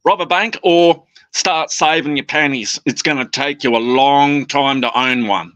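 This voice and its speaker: A man's voice: medium pitch, a little slow, a bit bright, no echo. A man chatting as a guest about his parrots, rambling with restarts and mimicking his birds' phrases, talking into a phone. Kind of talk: casual chat.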